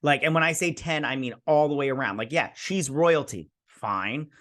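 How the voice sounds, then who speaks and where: A man's voice: a little high, normal speed, a bit bright. A man hosting a casual review show, recapping an episode in a sarcastic, exasperated ramble full of fillers and restarts, slipping briefly into the characters' lines. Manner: sarcastic, exasperated, mimics characters mid-story.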